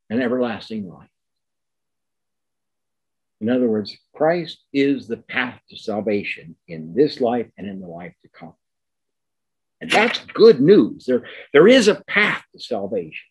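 Emphatic older male lecturer, lively pitch. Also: slightly rough, poor audio. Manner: emphatic, repeats key words, slows down for stress. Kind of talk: academic lecture.

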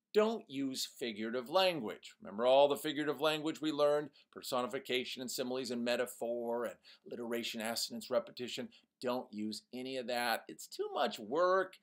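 A man teaching a poetry lesson to young students, animated and mock-ironic, reading example lines in a sing-song voice. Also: mid-range voice, normal speed.

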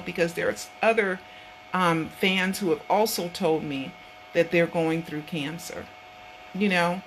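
A woman's voice: fairly low pitch, fairly bright tone, slight background noise, low-quality recording. A woman hosting her own online show, talking casually from her home office in an earnest, rambling way, often repeating herself. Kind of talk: casual vlog talk.

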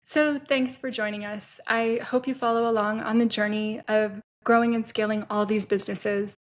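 A woman's voice: mid-range voice, fairly even intonation, normal speed. A woman hosting her own podcast as an entrepreneur, talking candidly and casually and swearing freely. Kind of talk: solo podcast monologue.

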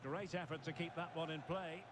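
High-voiced man calling football play-by-play. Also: moderate pace. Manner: terse name-calling of passes, rising on chances. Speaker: play-by-play commentator. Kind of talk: scripted football commentary. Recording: loud game noise behind.

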